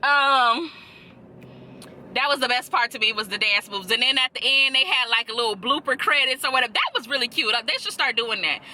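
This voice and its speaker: Sassy, bright-voiced young woman vlogger. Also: a little high, a little fast, slight background noise. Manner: sassy, profane, animated with laughter. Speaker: reaction video host. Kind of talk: casual reaction chat.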